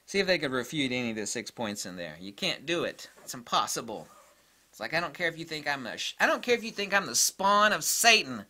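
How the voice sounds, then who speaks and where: A man's voice: on the high side, sing-song, a little fast, sharp tone, slight background noise. A man ranting in a sarcastic, exasperated monologue about camera habits, often mocking others. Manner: exasperated, sarcastic, mocks others in put-on voices. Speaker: photography vlogger.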